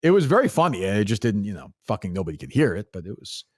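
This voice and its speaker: A male podcast host with a Boston accent rambles through a story, swearing and filling pauses with ums and likes. His pitch swings up and down a lot as he talks. The sound is close and dry, with no room around it. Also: very animated, a little mellow, no room sound. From Massachusetts. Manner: rambling, profane, many fillers. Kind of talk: casual chat.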